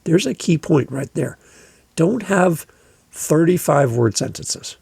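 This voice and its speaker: A man's voice: a little high, animated, takes it slowly, creaky, a little mellow, slightly rough, no room sound. A man hosting a podcast, coaching new podcasters in a casual, emphatic, conversational way while gesturing as he talks. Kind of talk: casual instructional monologue.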